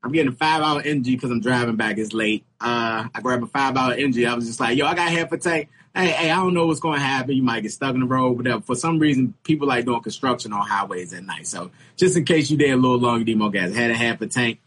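A man with a very husky, rough voice co-hosts a comedy podcast. He talks loosely and tells animated stories. At the funny parts his voice leaps up into high exclamations. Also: quick pace, few pauses. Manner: animated, jumps into high-pitched exclamations when telling stories. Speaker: podcast co-host. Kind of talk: casual comedic storytelling.

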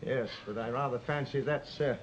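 An actor playing the elderly Doctor, speaking in a mannered, faintly amused way, in 1960s television drama style. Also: male voice, medium pitch, fairly even intonation, normal speed, close to an everyday voice. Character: the elderly male Doctor, genteel and wry. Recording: dull, very noisy old TV soundtrack.

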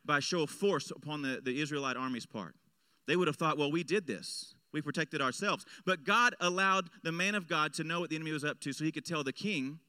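A man preaching a sermon as pastor, swinging between loud emphatic lines and hushed low ones. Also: clear, resonant tone, no room sound. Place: church.

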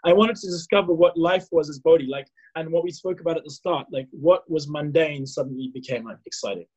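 A man from South Africa in his thirties, telling a personal story as a podcast guest, animated and full of fillers. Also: fairly high pitch, a little fast, breathy edge, low-quality recording. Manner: animated, acts out his own past dialogue, many fillers and restarts. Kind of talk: casual storytelling.

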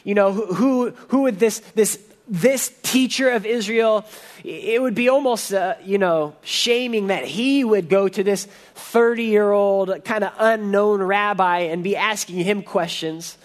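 High-voiced earnest male preacher. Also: unhurried. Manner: earnest and emphatic, with frequent restarts. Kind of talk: expository sermon.

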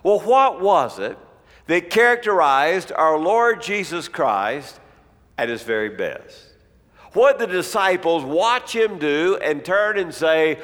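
A man's voice: very animated, slow, a bit bright, in a large hall. A man preaching a sermon, telling a story and acting out the quoted lines of its people. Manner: storytelling, acts out quoted speech with rising pitch.

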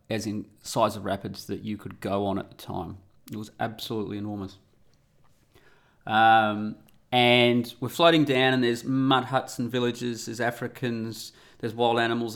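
A man's voice: medium pitch, fairly bright tone, clean tone. Rambling, irreverent Australian man. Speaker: guest podcast host. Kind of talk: casual monologue. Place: home room.

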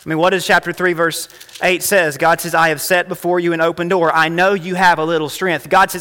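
A male pastor preaching a sermon and leading a prayer, impassioned, rising to emphatic peaks and dropping soft. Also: on the high side, level tone, a little fast, clear, resonant tone. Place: church sanctuary. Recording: long reverb of a church hall.

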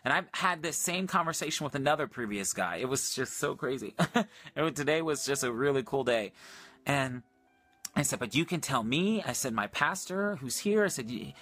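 A man ministering on a livestream, earnestly retelling a prayer encounter in casual storytelling with much quoted dialogue and excited high points. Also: normal speed.

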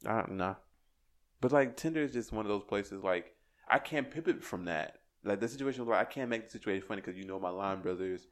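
Animated young man telling stories. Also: on the low side, quick pace. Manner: animated, rambling storyteller with restarts. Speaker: podcast guest. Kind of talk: casual chat.

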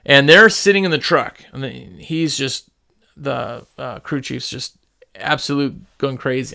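A man who runs a small business, telling stories in a casual, rambling, animated way with lots of fillers and restarts. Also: medium pitch, unhurried, gravelly. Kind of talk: casual storytelling.

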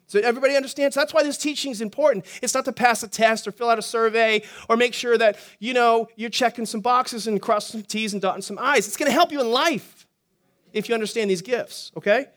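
A man preaching as a pastor, teaching quickly and energetically and throwing questions to the congregation. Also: extremely high pitch. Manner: energetic, talks fast, asks the congregation questions. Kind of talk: sermon teaching.

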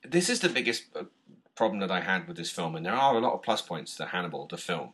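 Animated British man, bright voice. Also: low voice, fast. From Britain. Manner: animated, laughs often, many restarts. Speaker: podcast co-host. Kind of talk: casual film discussion.

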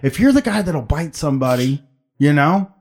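Animated, profane man co-hosting a call-in show. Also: a little high, normal speed. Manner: rambling, profane, animated storytelling. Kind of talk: crude casual banter.

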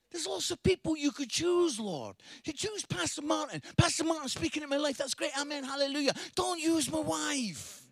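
A man preaching a lively sermon, telling a story with humour and acting out the people in it. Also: extremely high pitch, no echo. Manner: animated, humorous, acts out dialogue.

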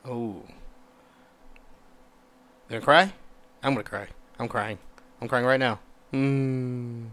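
A man's voice: medium pitch, steady tone, unhurried. A man giving casual reaction commentary, muttering offhand remarks and swearing now and then.

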